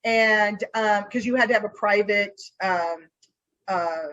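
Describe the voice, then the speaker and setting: A woman's voice: mid-range voice, slow, rough recording. A woman private investigator telling a story in a casual interview, acting out what she said to people along the way. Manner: animated storyteller acting out her own lines.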